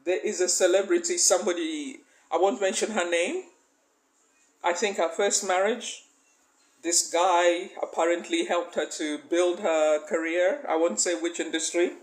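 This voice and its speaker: A woman's voice: on the low side, low-quality recording. A woman coach delivers a faith-based motivational talk with emphasis. She throws rhetorical questions at the listener and keeps laughing between her points. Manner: emphatic, often breaks into laughter. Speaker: life coach.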